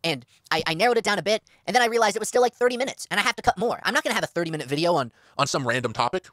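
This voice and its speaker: A man's voice: sits high, expressive, racing, sharp tone, dry recording, studio quality. A man hosting a casual solo podcast from inside a parked car, rambling along with plenty of fillers and restarts. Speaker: podcast host.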